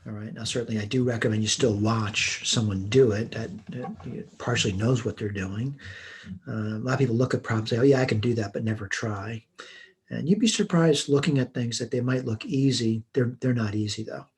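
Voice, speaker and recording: Husky man talking through math steps. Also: medium pitch, brisk. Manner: plain, methodical, talks through each step aloud. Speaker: math instructor. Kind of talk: recorded online math lesson. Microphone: computer mic while writing on a tablet.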